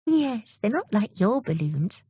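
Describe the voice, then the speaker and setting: Woman voicing a gentle sea fairy girl. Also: medium pitch, big pitch swings, unhurried, slightly rough, no echo, studio quality, pitched above the performer's own voice.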